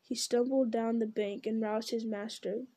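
Woman reading a story in a flat mellow voice. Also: on the high side, normal speed. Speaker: reader. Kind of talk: storybook narration.

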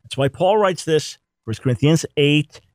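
A man's voice: on the high side, lively intonation, unhurried, dry recording. A man giving an emphatic theology teaching talk, repeating words to drive points home. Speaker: Bible teacher.

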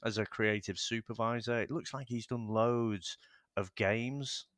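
A man's voice: medium pitch, fairly even intonation, measured pace, fairly bright tone, no echo, clean studio sound. A man with a Northern English accent, co-hosting a podcast in laid-back, wry film chat. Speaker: podcast co-host. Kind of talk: casual film review chat.

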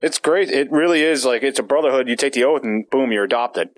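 A man's voice: mid-range voice, brisk, no echo. Laughing, crude-joking man on a podcast. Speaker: podcast host. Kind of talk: casual chat.

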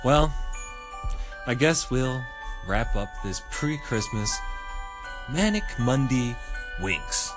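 A man's voice: mid-range voice, animated, slow pace, pauses often, music in the background. A man hosting a casual podcast, reacting with exclamations and jokes. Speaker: podcast host. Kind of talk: casual chat.

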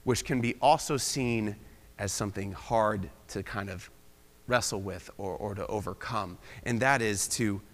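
A man's voice: lowish voice, unhurried, fairly bright tone. A young man from Pennsylvania giving a casual, self-deprecating sermon with bits of humor as a guest preacher. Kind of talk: conversational sermon. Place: church sanctuary. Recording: long reverb of a large hall.

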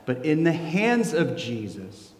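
A man in his forties preaching a sermon as pastor, swinging from soft low asides to loud, high emotional peaks. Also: big pitch swings, slow pace. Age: 40s. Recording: echoey hall with long reverb.

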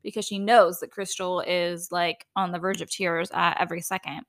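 A woman's voice: lowish voice, little pitch movement, normal speed. A woman hosting a solo podcast, recapping a reality TV episode in a chatty, giggly way with lots of "like". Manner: chatty, laughs often, lots of "like". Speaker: podcast host. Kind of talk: casual solo TV recap chat.

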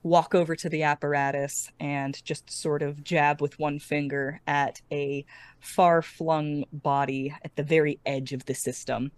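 A woman running a tabletop game, narrating in a relaxed way with casual fillers. Her voice is notably low and sounds dry and close to the mic. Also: a little slow, no room sound. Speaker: game master.

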